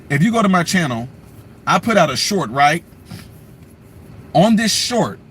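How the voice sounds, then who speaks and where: Man, high voice, sarcastic, slangy, animated, faint background hiss. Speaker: commentary channel host. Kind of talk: livestream commentary.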